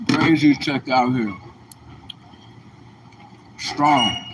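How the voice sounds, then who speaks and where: A man's voice: medium pitch, extremely slow, noisy background. A man hosting a livestream, delivering a combative, preachy monologue full of rhetorical questions. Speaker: livestream host.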